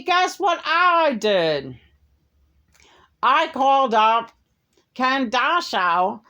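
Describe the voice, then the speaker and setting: A giddy young woman chirps in a high, sing-song gush, pleased with herself. Every word bounces upward with bright, oblivious cheer. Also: full character voice. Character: giddy, clueless young woman gushing on social media.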